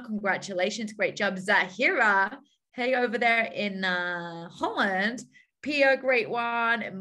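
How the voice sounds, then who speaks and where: A woman's voice: medium pitch, bright, forceful tone. A woman hosting a team video call, coaching listeners in an upbeat way and repeating her key points. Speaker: call host.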